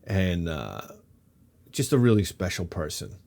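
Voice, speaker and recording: A man in his fifties telling a rambling comic story as a vlogger, animated and quick to swear, jumping from one tangent to the next. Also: deep voice, vocal fry. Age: 50s. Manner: animated, swears freely, jumps between tangents.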